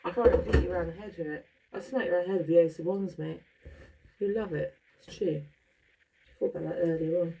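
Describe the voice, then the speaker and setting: Woman, middle-aged, gravelly and blunt, casual sweary ramble, far from the mic with loud background noise. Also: fairly low pitch, quick pace.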